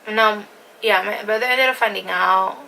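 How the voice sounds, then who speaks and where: Young woman, casual storytime, gravelly, lots of "like", noisy home recording. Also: medium pitch, steady tone, moderate pace, sharp tone. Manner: fillers "like", acts out quotes, drops to a whisper at times. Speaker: vlogger.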